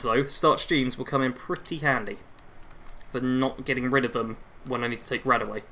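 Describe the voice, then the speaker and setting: A man's voice: mid-range voice, bright, forceful tone, slight background noise. A young man live streaming a game on a headset mic, chatting constantly and reading chat aloud.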